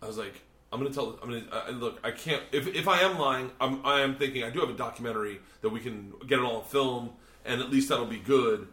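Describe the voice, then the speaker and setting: Swearing animated storytelling man. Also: medium pitch, fast talker, hardly any pauses. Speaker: podcast host and comedian. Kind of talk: casual storytelling chat. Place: hotel room. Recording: roomy hotel room echo.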